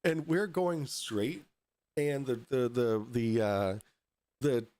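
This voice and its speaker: A man tells a story on his podcast in a loose, foul-mouthed way, laughing as he goes. His pitch swings widely as he acts out the moments. The sound is dry and close to the mic. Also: slow, no room sound. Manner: animated, profane, laughing storyteller. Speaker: podcast host. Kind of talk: casual storytelling.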